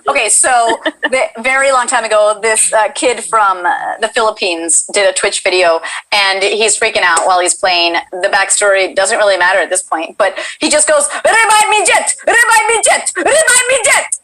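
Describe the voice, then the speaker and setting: A woman's voice: mid-range voice, moderate pace, fairly bright tone, poor audio. A woman hosting a casual livestream chat, gushing and bubbly as she reads the chat aloud. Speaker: host.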